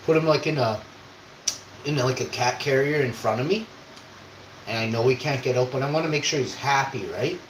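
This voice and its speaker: A young man from Canada who streams, telling a rambling casual story, swearing and acting out quoted voices. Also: mid-range voice. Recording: echoey room with faint noise.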